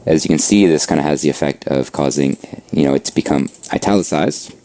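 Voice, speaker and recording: A man teaching a coding class over a screen share, explaining at a relaxed pace and checking in with "right?". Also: rumbling low, brisk. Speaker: coding instructor.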